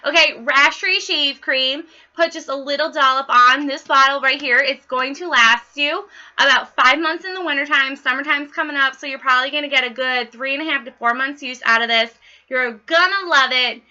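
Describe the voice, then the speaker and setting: A young woman giving a casual training demo for home parties, talking fast in a bubbly, bawdy way. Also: high-pitched, bright, forceful tone, highs cut off. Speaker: party consultant training others.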